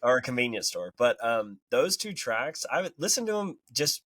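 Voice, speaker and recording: A man co-hosting a podcast, talking about an album in a relaxed way, laughing often and tagging his points with "you know" and "right". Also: mid-range voice, moderate pace, no echo. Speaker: podcast co-host. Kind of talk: casual music review chat.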